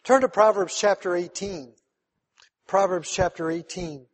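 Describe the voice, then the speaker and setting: A man's voice: high-pitched, unhurried, breathy edge. A man, a pastor, preaching a conversational sermon that builds to emphatic, rising calls to his congregation. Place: church sanctuary. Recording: long hall reverb.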